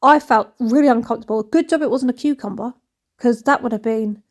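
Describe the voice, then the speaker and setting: A woman in her thirties who vlogs about cleaning rambles frankly through a casual voice-over as she tidies her home, poking fun at herself along the way. Her voice sits a little high and a little mellow, and she talks fairly quickly.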